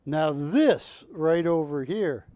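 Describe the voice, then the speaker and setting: A man hosting a live shopping channel show, pitching art in joking, drawn-out salesman patter from a studio. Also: animated, dark tone, no room sound.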